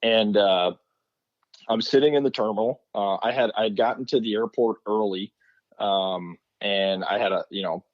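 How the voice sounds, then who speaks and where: Animated male podcast guest, lo-fi audio. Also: on the low side, normal speed. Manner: animated storyteller acting out quotes. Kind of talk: casual chat.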